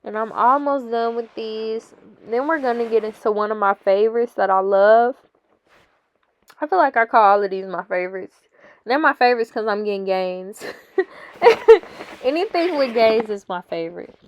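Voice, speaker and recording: A woman's voice: a little high, moderate pace, muffled recording. A young woman narrating her gym workout vlog, chatty and encouraging, laughing often and calling her viewers honey. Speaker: fitness vlogger. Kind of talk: casual workout vlog voice-over.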